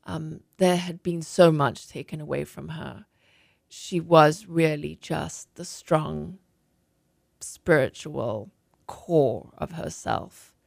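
Woman author, lowish gravelly voice, measured memoir reading, dry close sound. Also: no echo. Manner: measured, expressive reading with deliberate pauses. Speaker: author and guest. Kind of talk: memoir reading and interview talk.

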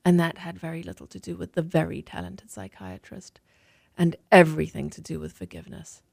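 A woman reads from her memoir with a lowish voice and a gravelly edge, taking deliberate, expressive pauses. The sound is dry and close, with no room around it. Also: no echo. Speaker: author and guest. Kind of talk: memoir reading and interview talk.

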